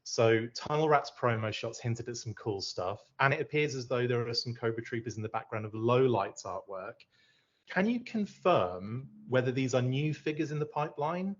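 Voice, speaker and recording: A man with a medium-pitched voice asks carefully worded questions with real enthusiasm. He is a fan outlet guest heard over a muffled, lo-fi video call. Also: lively intonation, normal speed. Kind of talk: casual roundtable Q&A.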